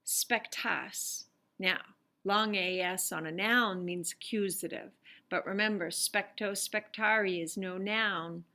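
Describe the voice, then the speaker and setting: A woman's voice: mid-range voice, sharp tone. A woman teaching Latin, patiently walking through worksheet examples and sounding out each phrase. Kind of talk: explaining worksheet exercises.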